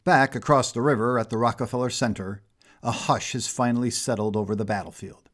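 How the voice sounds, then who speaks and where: A man narrating a superhero fan story in an even, storybook manner. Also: medium pitch, a little fast.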